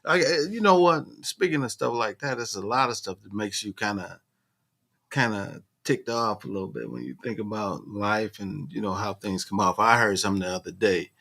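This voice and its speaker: A man's voice: fairly low pitch, expressive, normal speed, gravelly, pushed and bright. A man co-hosting a talk show in a laid-back, rambling way, often restarting his sentences. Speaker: co-host. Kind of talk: casual talk show chat.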